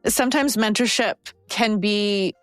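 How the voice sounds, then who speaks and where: A woman's voice: mid-range voice, unhurried, fairly bright tone, no room sound, faint music behind. A woman hosting a podcast, speaking in an upbeat, encouraging, casual way. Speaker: podcast host. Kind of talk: casual podcast chat and ad read.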